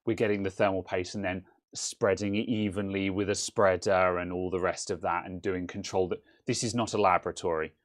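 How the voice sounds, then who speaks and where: Low-voiced Home Counties English man. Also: little pitch movement, brisk, hardly any pauses. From England. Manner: rambling, self-interrupting, chuckling. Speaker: co-host. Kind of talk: casual live-stream chat.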